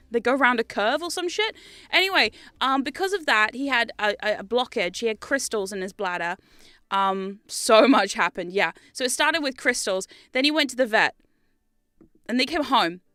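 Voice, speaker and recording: Bright, chatty young woman streamer. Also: on the high side, animated, moderate pace, no room sound. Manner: rambling, laughs often, swears casually. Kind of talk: casual chat stream.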